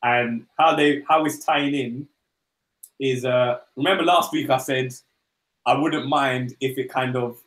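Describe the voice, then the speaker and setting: A man's voice: medium pitch, fairly even intonation, unhurried, a bit bright, roomy sound. A man co-hosting a comic book podcast, rambling casually and acting out dialogue in goofy voices. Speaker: podcast co-host.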